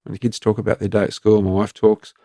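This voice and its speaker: Gravelly, flat-voiced Australian man. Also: fairly low pitch, fast, dry recording, clean studio sound. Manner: plain-spoken, frank, rambling with fillers. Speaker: retired police commander and guest. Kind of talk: candid conversational storytelling.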